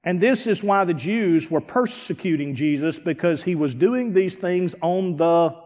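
A man with a high, bright-pitched voice delivers a sermon in a church sanctuary. He swings from hushed, almost whispered lines to ringing near-shouts. Long reverb from the hall trails behind each phrase. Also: measured pace. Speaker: pastor.

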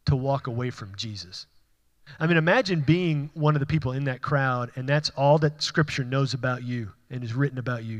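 A man preaching a sermon, building to emphatic peaks and then dropping low, with conversational asides. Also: in a large hall. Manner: conversational, with asides and light laughs. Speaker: pastor.

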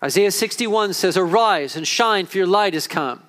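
A pastor preaching an impassioned sermon to his congregation, swinging between urgent calls and quiet, earnest passages. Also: sits high, animated, normal speed. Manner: impassioned preaching with rising and falling intensity.

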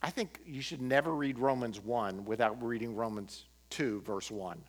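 A man preaching a sermon as pastor, impassioned, swinging from emphatic peaks to quiet, earnest moments. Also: mid-range voice, moderate pace, breathy edge. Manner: impassioned, rising to emphatic peaks then dropping to quiet prayer.

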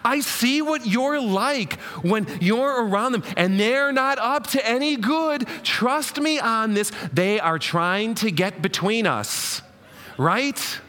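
A man's voice: very high voice, expressive, slow, sharp tone, in a large hall, voice pushed up, exaggerated voice. A man voicing an exasperated mother pleading with and scolding her grown children, dramatic and coaxing.

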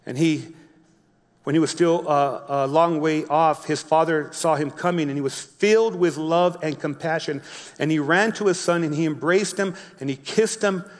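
A man preaching a sermon, reading a Bible story slowly and explaining it in his own words with frequent restarts. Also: a little high, in a large hall. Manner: reads scripture slowly, then explains with repeated restarts. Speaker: pastor.

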